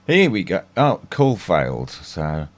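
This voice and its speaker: A man's voice: low-pitched, sing-song, slow pace. A man hosting a casual chat show, laid back, bringing guests onto a call. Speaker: host.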